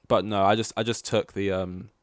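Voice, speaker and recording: A young man talks in a low, unhurried voice, rambling through a story with blunt asides and the odd swear word. The recording is dry and close, with no room sound. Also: no room sound. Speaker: podcast host. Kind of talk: casual solo podcast storytelling.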